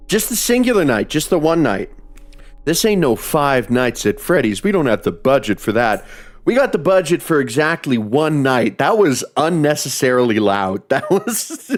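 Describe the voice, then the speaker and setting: Male streamer, animated pitch, unhurried pace, profane running commentary on a game. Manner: profane, joking, mocks the text he reads aloud.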